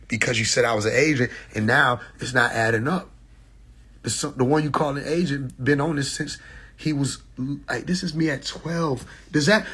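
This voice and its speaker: A man in his twenties ranting on a phone livestream, profane and mocking, breaking into laughter and shouts. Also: mid-range voice, breathy edge. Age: 20s. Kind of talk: casual livestream rant.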